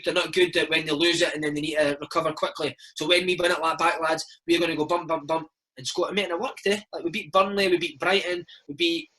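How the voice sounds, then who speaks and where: A Scottish man in his thirties, a former footballer telling stories in a casual interview, animated and peppering his talk with "mate". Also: fairly high pitch, poor audio. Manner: animated, chatty, keeps saying mate. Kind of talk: casual storytelling chat.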